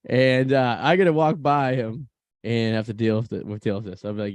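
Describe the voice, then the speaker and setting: A man co-hosting a podcast who chimes in with quick, joking asides and casual profanity. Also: medium pitch, fairly even intonation, no echo. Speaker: podcast co-host. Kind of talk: casual chat.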